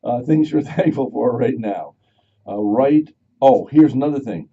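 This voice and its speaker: A man's voice: mid-range voice, expressive, unhurried, warm tone, slightly rough. A male radio talk show host chatting casually, rambling and going off on tangents as he repeats himself. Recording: dull lo-fi radio studio sound.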